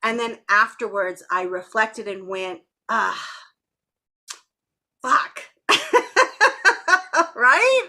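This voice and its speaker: A woman's voice: mid-range voice, very animated, very slow, pauses often, pushed and bright. A woman co-hosting a podcast, chatting candidly, swearing freely and laughing often. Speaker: podcast co-host. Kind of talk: casual chat.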